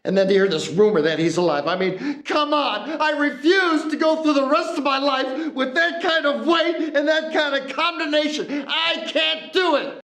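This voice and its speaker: A woman's voice: mid-range voice, sing-song, fairly quick, hardly any pauses, reverberant, close to an everyday voice. A woman acting a guilt-ridden person from biblical times, emotional and pleading in a church skit. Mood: troubled. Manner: emotional, pleading, voice breaking into shouts. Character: guilt-ridden woman who spat on a condemned man.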